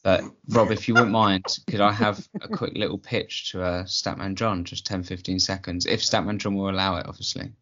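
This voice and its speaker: A man on a comedy podcast, hesitant and sheepish, pitching his case. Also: steady tone, moderate pace, hardly any pauses, sharp tone. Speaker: podcast co-host. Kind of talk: comic podcast banter. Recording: slightly dull lo-fi.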